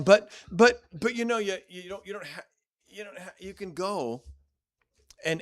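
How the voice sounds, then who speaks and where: A man teaching a church Bible class in a blunt, direct, conversational way, often restarting and repeating words. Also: mid-range voice.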